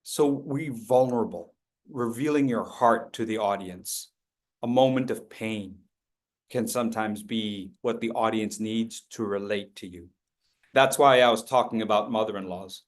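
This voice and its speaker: A man's voice: fairly low pitch, a little slow. A man presenting a public speaking workshop, joking with the audience and leading group drills. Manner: playful, jokey, leads group drills.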